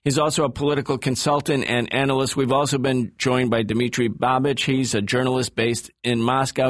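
A man hosting a political radio talk show, asking questions in a measured, deliberate way. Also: medium pitch, flat delivery, no echo, studio quality.

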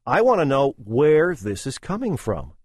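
A man's voice: mid-range voice, very animated, moderate pace, husky, no room sound, studio quality. A middle-aged man hosting a radio talk show, sardonic and opinionated in his delivery. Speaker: radio host.

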